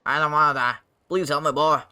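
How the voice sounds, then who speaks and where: A man voicing an excitable man on the run who keeps calling his listener boy, in a raised, pleading voice. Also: fairly high pitch, normal speed. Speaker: game character voiced by a player.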